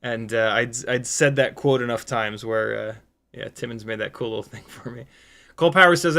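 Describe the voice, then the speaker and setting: A tired man in his forties or older hosts a casual livestream, talking at an ordinary mid pitch. He rambles candidly with plenty of fillers, reads viewer comments aloud and drops self-mocking asides. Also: moderate pace, creaky, pushed and bright. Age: 40s or older. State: tired, sleep deprived. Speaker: FPV drone livestream host.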